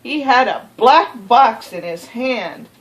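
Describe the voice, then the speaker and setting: A woman reading a children's picture book aloud, expressive, with gasps and asides to the listener. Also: on the high side, takes it slowly, low-quality recording. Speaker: storybook reader.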